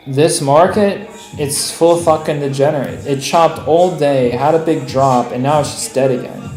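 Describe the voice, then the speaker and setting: A man's voice: mid-range voice, normal speed, few pauses, a little mellow. A man live-streaming his day trades, ranting in an exasperated, profane way and saying "bro" constantly. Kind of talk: live trading stream commentary. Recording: echoey room with music playing behind.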